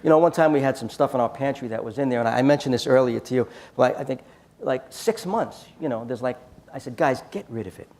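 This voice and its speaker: A man's voice: medium pitch, fast, darkish tone. A man giving a storytelling talk at a church conference, acting out quoted dialogue in his anecdotes. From United States.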